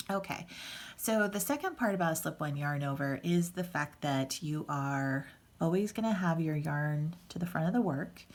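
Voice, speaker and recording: A woman's voice: low voice, a little mellow. A woman teaching a casual hands-on knitting tutorial, patient and chatty, with fillers and restarts as she explains each step. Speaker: knitting instructor.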